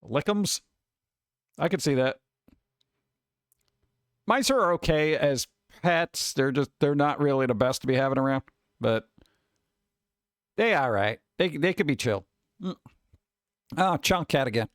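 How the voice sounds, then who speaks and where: A man hosting a live stream, talking casually and chattily with relaxed asides. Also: on the high side, unhurried, pauses often, dry recording, studio quality. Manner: laid-back, chatty, trailing off into asides. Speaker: streamer host.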